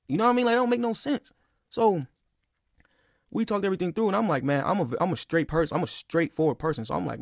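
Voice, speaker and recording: On a podcast, a young man tells a personal story in a casual, rambling, heated way, saying "bro" and "like" a lot. He talks fast in a high voice with lively intonation, and the studio-quality recording has no echo.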